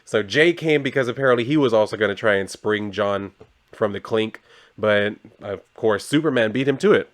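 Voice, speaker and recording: A man's voice: lowish voice, normal speed. A man casually recapping a comic book, chatty and sarcastic, swearing now and then.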